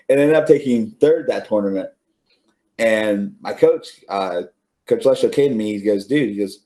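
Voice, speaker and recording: A man's voice: mid-range voice, normal speed, darkish tone. A middle-aged man, an interview guest, telling stories casually with many fillers and restarts, laughing now and then. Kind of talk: casual storytelling.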